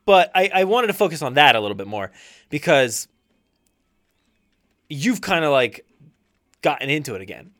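A man's voice: fairly high pitch, big pitch swings, moderate pace, pauses often, a bit bright. A young man co-hosting a casual podcast chat, swearing and rambling while he plays a game. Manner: laughing, swearing, loose rambling. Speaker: podcast co-host.

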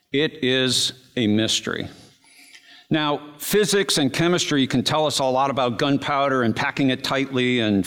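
A man preaching a sermon, telling a story with animated energy and dramatic slow-downs. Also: medium pitch, big-room sound. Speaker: pastor.

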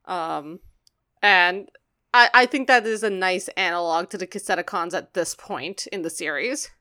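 A woman's voice: lowish voice, normal speed. A woman co-hosting a podcast, casually recapping a cartoon episode and acting out the characters' lines. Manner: animated, acts out quotes. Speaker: podcast co-host.

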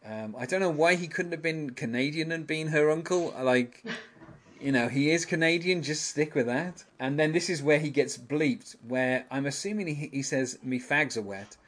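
A man's voice: fairly high pitch, moderate pace. A man hosting a casual podcast, rambling through an episode recap with many fillers and frequent chuckles. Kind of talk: casual chat.

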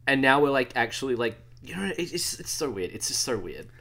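A man's voice: mid-range voice, sing-song, fairly quick, fairly bright tone. A man chatting casually, ranting with exasperation and frequent swearing. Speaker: podcast co-host. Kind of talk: casual chat.

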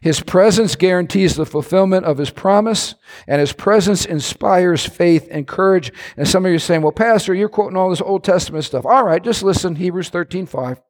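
A middle-aged male pastor preaching a sermon, swinging between shouted lines and hushed asides. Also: sits high, moderate pace.

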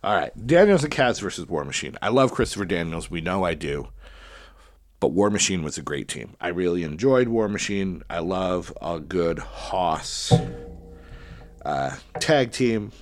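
Deep-voiced and animated, a wrestling podcast host talks at a measured pace on clean studio sound with no room noise. In casual solo commentary he goes through his tournament picks, chatty and thinking aloud as he chooses winners.

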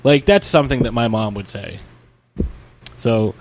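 A man's voice: mid-range voice, lively intonation, measured pace. A man co-hosting a podcast, telling a story in a rambling, casual way, with many restarts and fillers. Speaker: podcast co-host.

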